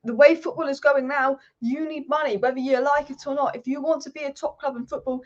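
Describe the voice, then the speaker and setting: A fired-up woman hosts a live football stream from home, ranting quickly and with passion. Her voice sits a little high. The sound is dull and lo-fi. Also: fairly even intonation. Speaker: football channel host.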